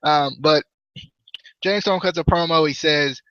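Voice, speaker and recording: A man hosting a podcast, chatting casually and jokily about a wrestling show in a rambling, animated way. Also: a little high, a little slow, long pauses, clean tone, dry recording, dull audio. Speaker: podcast host. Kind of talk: casual wrestling review chat.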